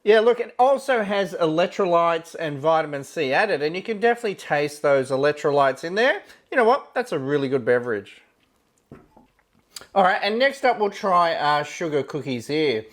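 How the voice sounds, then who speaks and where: This is a casual, relaxed ration food review from a man whose voice is on the high side. He muses aloud while tasting, frequently leading with "yeah, look" and pausing on filler words.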